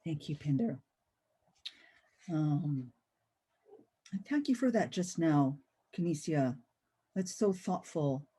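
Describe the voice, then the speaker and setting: A woman's voice: low voice, animated, slow, pauses often, mellow, slightly rough. A woman poet reading her own work aloud, with rhythmic, incantatory recitation. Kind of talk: poetry reading.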